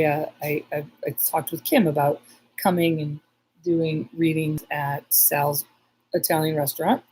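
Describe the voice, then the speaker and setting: A husky, slightly low-voiced woman chats on a live stream as a psychic medium. She rambles through her story with many restarts and stops to read viewers' comments aloud. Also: darkish tone, rough recording.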